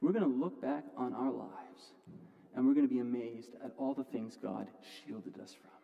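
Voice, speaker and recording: A man preaching a sermon from the pulpit, earnest, often restarting words and moving between loud and quiet passages. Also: medium pitch, moderate pace, gravelly, muffled recording. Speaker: pastor. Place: church sanctuary. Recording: long hall reverb.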